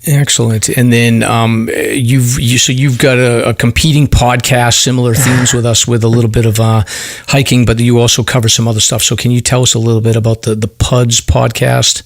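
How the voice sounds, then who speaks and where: Gravelly-voiced host asking easy questions. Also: male voice, medium pitch, level tone, dry recording, studio quality. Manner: friendly questioning, halting restarts. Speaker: podcast host. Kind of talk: casual chat.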